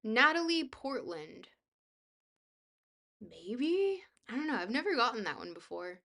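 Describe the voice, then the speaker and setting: Young female streamer, bubbly and goofy, casually reading chat, with a crisp, bright tone. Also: fairly high pitch, very animated, unhurried. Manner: bubbly, goofy, self-deprecating. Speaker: livestreamer.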